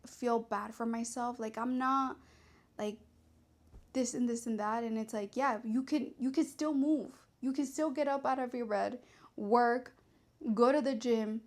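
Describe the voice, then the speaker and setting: A young woman speaks straight to camera in a personal confessional vlog. Her voice sits a little high, and she talks candidly in a loose, rambling way, dropping curse words freely. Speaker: vlogger.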